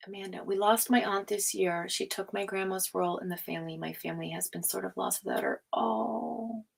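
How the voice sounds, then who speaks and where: A woman hosting a live tarot stream, chatting casually, reading out viewer comments, laughing often and slipping into hushed asides. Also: mid-range voice, steady tone, brisk, vocal fry, breathy edge.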